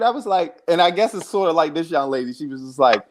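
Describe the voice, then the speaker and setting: A man co-hosting a podcast, telling dating stories in a rambling, profane, animated way. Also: on the high side, fast, hardly any pauses. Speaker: podcast co-host. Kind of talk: casual chat, storytelling.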